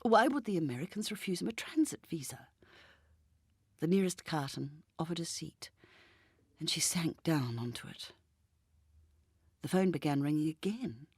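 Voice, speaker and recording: Woman reader, measured book narration, low-ish voice, dry close sound. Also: slightly rough, no room sound. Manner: even, measured storytelling. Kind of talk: scripted narration.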